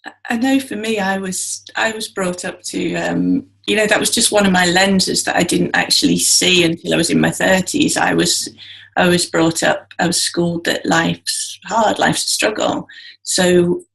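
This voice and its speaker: Low gravelly-voiced woman host. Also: fairly even intonation, normal speed, a bit bright. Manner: reflective, laughs easily, restarts sentences. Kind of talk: conversational interview.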